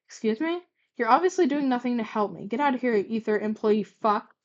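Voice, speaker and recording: A woman's voice: medium pitch, animated, fairly quick, darkish tone, muffled recording, close to an everyday voice. A woman reading out the lines of a bitter, rude, sick teenage boy from her fanfic, stumbling and restarting now and then. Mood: snarling, bitter. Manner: read aloud with stumbles and restarts.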